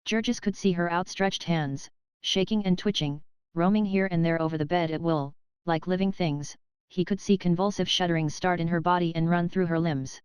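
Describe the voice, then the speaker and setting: Woman, audiobook narration, measured storytelling, very clear voice, dry close sound. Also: fairly low pitch, steady tone, darkish tone, no echo, poor audio. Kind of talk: scripted narration of a classic novel.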